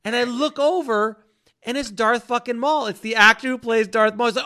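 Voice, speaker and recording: A man hosting a casual podcast, an animated storyteller who swears freely. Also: very high-pitched, moderate pace.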